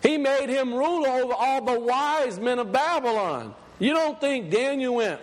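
A man preaching a sermon, emphatic, reading scripture slowly and deliberately. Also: very high voice, expressive, big-room sound.

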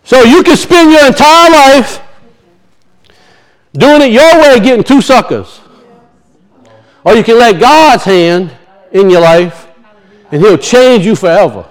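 A man's voice: very high-pitched, animated, takes it slowly, pauses often. A male pastor, preaching a sermon in a church and telling a folksy story with frequent chuckles.

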